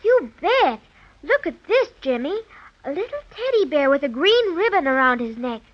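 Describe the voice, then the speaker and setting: A woman's voice: high-pitched, sing-song, moderate pace. A sweet young girl. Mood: cheerful. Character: sweet young girl, a gentle older sister. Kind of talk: 1930s radio acting. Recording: dull old radio recording.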